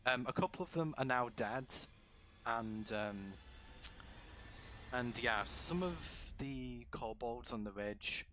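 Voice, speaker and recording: A man narrating as dungeon master for a tabletop game, in a relaxed, rambling way with many fillers. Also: medium pitch, slow pace, slight background noise.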